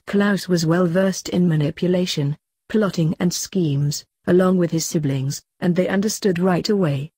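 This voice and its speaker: Fanfic reader, woman, mellow low voice, dry close sound. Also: moderate pace, few pauses, husky, no echo. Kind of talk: fanfiction narration.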